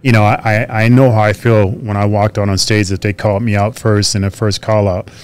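A man with a fairly low voice talks earnestly on a podcast. He is confessional and emphatic as he tells candid stories about himself. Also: level tone, brisk, smooth. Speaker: podcast guest. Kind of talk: candid interview storytelling.

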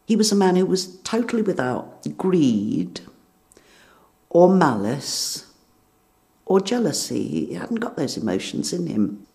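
Older lady remembering things, gravelly voice, pauses a lot. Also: on the low side, very animated, warm tone. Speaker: interviewee. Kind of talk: reminiscing interview.

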